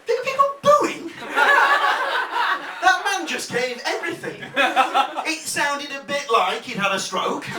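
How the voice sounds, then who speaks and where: A man from Leeds compering a live comedy night, bantering and laughing as he swings between mutters and shouts. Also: very high voice, very animated, slow pace. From Leeds, England. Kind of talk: live stand-up crowd work. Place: comedy club stage. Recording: echoey club, distant mic, loud noise.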